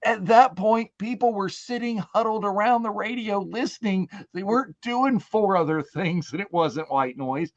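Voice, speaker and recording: A man co-hosting a casual online panel discussion, talking in an animated, rambling way with frequent restarts. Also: sits high, normal speed, few pauses, lo-fi sound. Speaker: podcast co-host.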